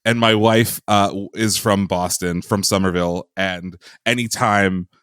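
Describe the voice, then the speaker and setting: A man's voice: low voice, fairly even intonation, unhurried, fairly bright tone, smooth, no echo, clean studio sound. A man co-hosting a film podcast in casual chat, friendly and jokey. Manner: friendly, jokey, some restarts. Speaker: podcast co-host.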